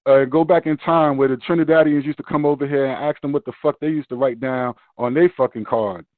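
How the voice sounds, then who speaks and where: A man ranting profanely in casual chat, animated and forceful. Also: medium pitch, a little fast, no room sound. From Brooklyn, New York. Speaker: podcast host. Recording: dry tinny phone-like sound.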